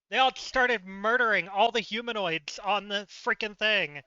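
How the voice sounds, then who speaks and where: A man livestreaming, telling a story in casual, animated chat with plenty of fillers and laughs. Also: high-pitched, moderate pace, few pauses, clear, resonant tone, no echo, highs cut off. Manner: chatty and animated, laughs often, many fillers.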